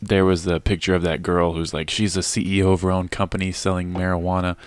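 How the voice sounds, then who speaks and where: A man's voice: sits low, little pitch movement, fast talker, clear, resonant tone, dry recording. A man chatting casually on a podcast, blunt and opinionated, rambling with lots of filler words.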